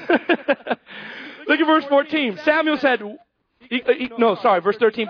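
High-voiced preacher, muffled recording. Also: male voice, normal speed. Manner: animated, acts out Bible characters, repeats phrases. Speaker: pastor. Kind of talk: sermon.

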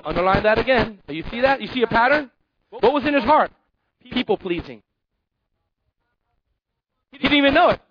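High-voiced preacher, muffled recording. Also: male voice, normal speed, pauses often, crowd noise. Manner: animated, acts out Bible characters, repeats phrases. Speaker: pastor. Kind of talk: sermon.

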